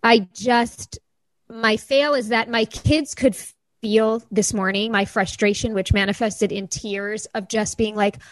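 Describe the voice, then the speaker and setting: A woman in her thirties speaks earnestly and openly on a podcast, sometimes near tears. Her voice is a little higher than average. The sound is dry and close. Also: fairly even intonation, a little slow, no echo, low-quality recording. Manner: earnest, emotional and confiding. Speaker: podcast co-host. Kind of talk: casual chat.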